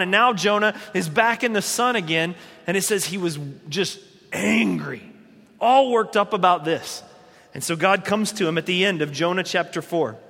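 A man's voice: high-pitched, pushed and bright, long reverb tail. A man preaching a sermon in a conversational way, retelling scripture in everyday speech. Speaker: pastor.

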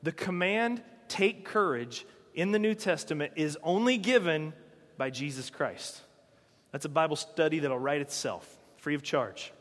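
A man's voice: fairly high pitch, a little slow, a bit bright, big-room sound. A man preaching a sermon in a conversational way, asking his listeners rhetorical questions. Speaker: pastor.

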